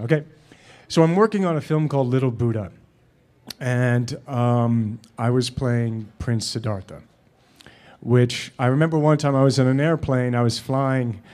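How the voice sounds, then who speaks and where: A man in his forties, an actor and director, answering audience questions with halting, filler-filled anecdotes and frequent laughter, on a stage before an audience. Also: medium pitch, dark tone. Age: 40s. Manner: halting, many fillers and restarts; laughs while telling stories.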